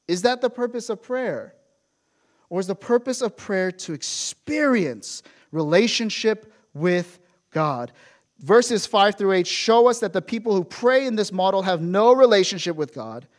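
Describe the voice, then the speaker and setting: A man's voice: high voice, expressive, unhurried. A man preaching a sermon in a storytelling way, acting out quotes and asking rhetorical questions. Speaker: pastor.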